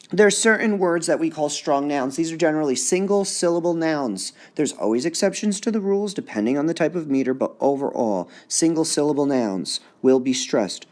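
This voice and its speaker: A man teaching a recorded high school lesson, sounding out words slowly and exaggerating the stress. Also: big pitch swings, a little mellow.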